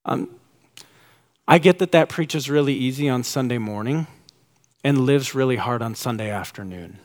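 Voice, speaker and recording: A man in his thirties preaching a sermon as a pastor, animated and rising high and excited when he acts out quotes. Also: moderate pace.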